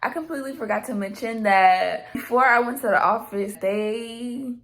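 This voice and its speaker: A young woman telling a story casually to camera, animated and slangy, swearing often. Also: a little high, normal speed. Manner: animated storytelling, acts out others' voices. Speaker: vlogger.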